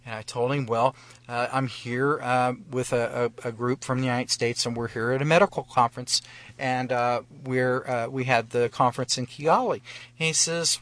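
A man's voice: medium pitch, normal speed, no room sound. Chuckling man telling a travel story. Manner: animated storytelling, acts out quoted officers, chuckles often. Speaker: guest storyteller. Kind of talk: storytelling on live radio. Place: radio studio.

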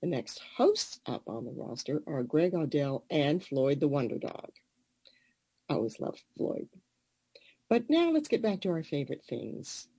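A show host with a mellow, husky voice and a dry, close sound, introducing guests in an upbeat way and commenting after a poem. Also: medium pitch, very animated, normal speed, hardly any pauses, no room sound.

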